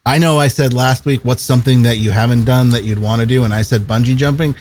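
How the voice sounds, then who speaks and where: A man's voice: medium pitch, fairly even intonation, fast, a little mellow, slight background noise. A man co-hosting a casual chat show, talking in an easygoing, rambling way and laughing often. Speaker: co-host.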